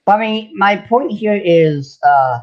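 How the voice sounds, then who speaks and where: A man's voice: high voice, lively intonation, a little slow, muffled recording. A man hosting a casual livestream chat, musing skeptically. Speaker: livestream host.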